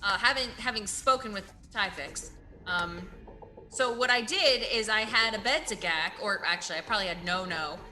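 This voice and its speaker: A woman's voice: medium pitch, moderate pace, bright, forceful tone. A woman player describing her character's actions in a tabletop game, hesitant and searching for words, with music behind. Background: background music.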